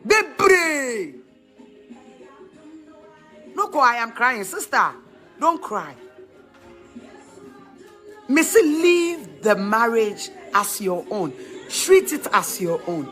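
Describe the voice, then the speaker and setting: A middle-aged woman with a Ghanaian accent giving emphatic, preachy advice in animated talk, laughing often. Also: fairly high pitch, slow pace, pauses often, faint music behind.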